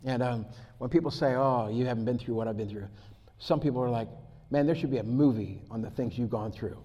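A male pastor delivers a sermon in a big hall with a long echo. He moves from quiet, measured scripture reading into lively storytelling, getting loud and laughing as he goes. His pitch sits in the middle for a man. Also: dull audio. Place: church hall.

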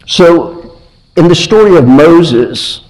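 A man's voice: on the high side, lively intonation, slow pace, a little mellow, rough recording. A middle-aged man preaching a sermon, asking his listeners earnest questions and often repeating or restarting his phrases.

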